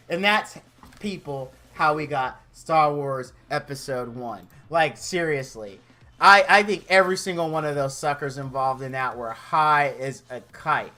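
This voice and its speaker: A man's voice: high voice, expressive, measured pace, bright, forceful tone. A man streaming a comedic rant, exasperated and mocking, who acts out made-up quotes in goofy voices.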